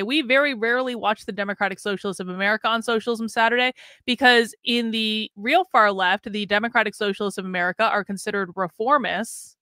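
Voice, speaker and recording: A woman's voice: fairly high pitch, pushed and bright, no echo, studio quality. A woman hosting a live-stream political commentary show, talking in an emphatic, sarcastic way and swearing freely.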